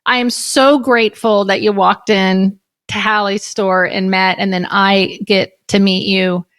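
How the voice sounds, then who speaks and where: A woman's voice: medium pitch, fairly even intonation, unhurried, fairly bright tone, smooth. A woman hosting a podcast interview, making her points emphatically and passionately, often in long lists. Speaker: podcast host.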